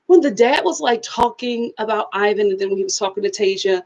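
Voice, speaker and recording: A woman's voice: mid-range voice, brisk, rough recording. A woman vlogger chatting casually about a reality show, laughing often and acting out quotes. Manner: animated, laughing, acts out quotes. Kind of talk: casual chat.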